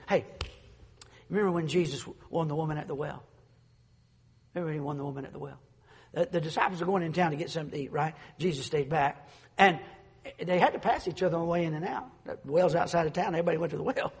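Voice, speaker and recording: A man preaching a fervent sermon. He swings from loud declarations to soft asides and stumbles through restarts. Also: on the high side, fast, slightly rough. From North Carolina, USA. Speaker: pastor. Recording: long reverb of a large church hall.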